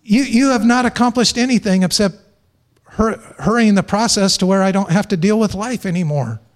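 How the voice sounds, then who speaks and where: A man's voice: high voice, moderate pace. A man preaching a sermon as pastor, emphatic, stressing points through repeated phrases and joking lightly with the congregation.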